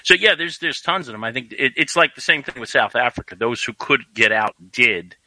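A man's voice: mid-range voice, expressive, brisk, sharp tone, no echo, low-quality recording. A man calling in to a talk show, ranting casually with heavy swearing. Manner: ranting, profane. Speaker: caller. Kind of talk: casual phone-in chat. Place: South Florida.

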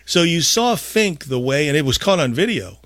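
Animated male podcast host, dry sound. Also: on the high side, moderate pace, dry recording. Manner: emphatic, rambling, swings in loudness. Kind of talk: casual podcast talk.

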